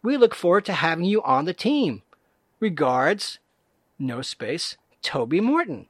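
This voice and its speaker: A man's voice: fairly high pitch, sing-song, unhurried, husky, no room sound. Droge man die spam voorleest. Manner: reads every punctuation mark and space aloud, dry and mocking. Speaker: comedic reader. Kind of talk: deadpan reading of scam emails aloud, punctuation included.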